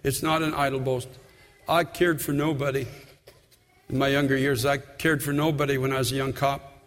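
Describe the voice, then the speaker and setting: A man's voice: mid-range voice, flat delivery, moderate pace, a bit bright, long reverb tail. A man in his sixties, a pastor, preaching an earnest sermon full of personal stories in a church.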